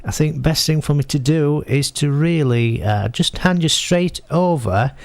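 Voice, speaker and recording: A man with a Northern English accent leaves a casual video message in a low-key, offhand tone. His voice is gravelly, and the recording sounds dry and close. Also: measured pace, no room sound. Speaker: show regular sending in video clips.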